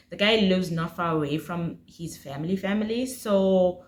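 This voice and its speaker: A woman telling a casual storytime to her viewers, chatty and animated. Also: lowish voice, moderate pace, hardly any pauses. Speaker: vlogger. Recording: roomy echo.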